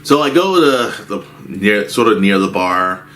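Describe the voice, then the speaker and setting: A man's voice: lowish voice, animated, a little slow, a bit bright, a little hiss or hum. A man telling a rambling story from his movie theater job as a casual rant, with frequent restarts.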